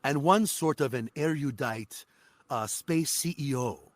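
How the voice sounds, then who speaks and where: A man guesting on an interview podcast, a voice actor telling animated, profane stories about his work. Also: medium pitch, a little slow, dry recording. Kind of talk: casual interview chat.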